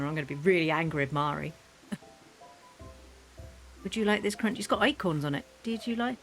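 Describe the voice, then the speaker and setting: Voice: mid-range voice, fairly bright tone. A gaming host giving casual gameplay commentary, chatting away, talking to the game's animals and breaking into mock-furious rants.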